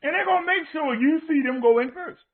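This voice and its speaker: A man's voice: very high-pitched, fairly quick. A man preaching on his online show, hammering points home with repeated rhetorical questions. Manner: emphatic, repetitive rhetorical questions. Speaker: minister. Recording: tinny phone-like sound.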